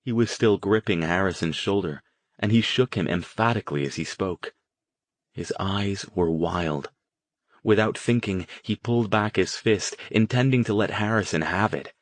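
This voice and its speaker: In scripted audiobook narration, a man tells the story at a measured, even pace. He has a low voice, with no room sound audible.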